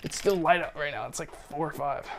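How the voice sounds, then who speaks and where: A man's voice: on the high side, fairly quick, a bit bright. A young man talking in a rambling, casual way, full of fillers, while working out in a home gym. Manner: rambling, many fillers, breathy strained sighs between reps. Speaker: vlogger filming his workout.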